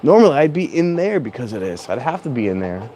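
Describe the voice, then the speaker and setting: A man's voice: mid-range voice, sing-song, quick pace, warm tone, slight background noise. Chatty man vlogging outdoors. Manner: rambling, chatty, self-correcting, sometimes raises his voice. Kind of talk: casual rambling vlog chat. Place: outdoors at a train station in strong wind. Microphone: clip-on mic plugged into a handheld phone.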